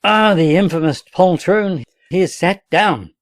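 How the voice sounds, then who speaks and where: A man's voice: a little high, moderate pace, creaky, darkish tone, no room sound, voice pushed up. A man reading aloud voices a desperate male army captain under siege, barking commands and oaths. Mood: furious.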